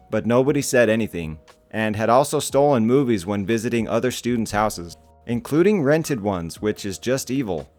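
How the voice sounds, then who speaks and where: A man's voice: medium pitch, a little mellow. Wry man narrating internet stories. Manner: casual, wry storytelling. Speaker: channel narrator.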